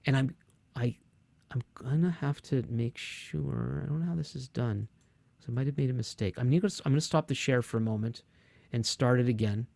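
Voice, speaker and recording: A man's voice: mid-range voice, fairly quick, gravelly, darkish tone, no echo. A man teaching a Bible course online, explaining words patiently and often restarting his sentences. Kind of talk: online lecture with screen share.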